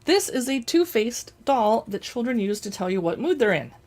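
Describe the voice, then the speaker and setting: A woman's voice: fairly high pitch, sing-song, normal speed, darkish tone. Woman, chatty show-and-tell host, playful, indoor home setup. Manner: chatty, playful, talks while handling items. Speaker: host showing books and collectibles. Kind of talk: casual show-and-tell chat. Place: indoors at home in front of a backdrop.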